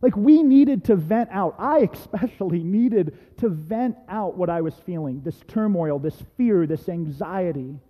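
A male pastor preaching a sermon, telling a personal story in a lively, conversational way with casual asides. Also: sits high, unhurried, hardly any pauses, in a large hall, poor audio. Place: church sanctuary.

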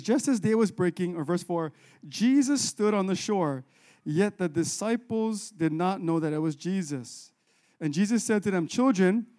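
A man preaches, his voice pitched high but mellow and warm. He talks to the congregation conversationally, jumping into voices for the people in the story. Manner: conversational, animated, acts out biblical dialogue. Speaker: pastor. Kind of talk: sermon.

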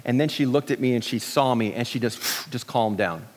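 A middle-aged pastor preaching a sermon in a relaxed, joking way, with many restarts and fillers. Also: male voice, mid-range voice, moderate pace, long reverb tail.

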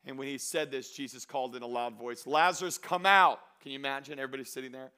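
A man preaching a sermon, moving between loud exhortation and quiet storytelling, drawing out key phrases slowly. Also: mid-range voice, little pitch movement, clear, resonant tone. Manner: slows down and stretches phrases for emphasis. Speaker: pastor.

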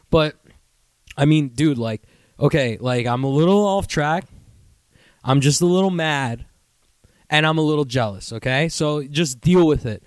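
A young man hosting his own podcast, ranting in a profane, rambling, self-mocking way and sometimes doing mocking high voices. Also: lively intonation, measured pace, long pauses, dry recording, studio quality. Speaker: podcast host. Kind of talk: casual solo podcast rant.

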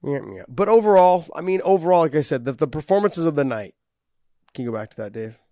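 A man's voice: on the high side, lively intonation, quick pace, warm tone, dry recording, clean studio sound. Profane easygoing male podcast host. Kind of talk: casual chat.

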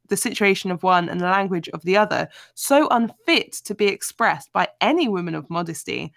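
A woman hosting a casual book discussion, talking in an animated, chatty way with frequent filler words. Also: medium pitch, creaky, no room sound, studio quality. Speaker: podcast host.

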